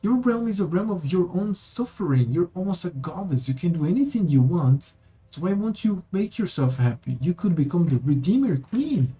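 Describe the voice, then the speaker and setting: Pria memerankan gadis pendeta bersuara mencicit dan memohon. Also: male voice, big pitch swings, moderate pace, mellow, slightly rough, full character voice, rough recording. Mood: pleading. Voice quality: squeaky. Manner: pleading, earnest. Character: squeaky young woman preacher, earnest and pleading. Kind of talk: reading game dialogue aloud.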